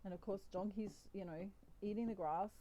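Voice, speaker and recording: A woman's voice: medium pitch, fairly quick, dark tone, dull audio. A woman who reads tarot, chatting casually and playfully and often giggling while she explains things using toy puppets. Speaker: tarot reader. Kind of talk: casual chat.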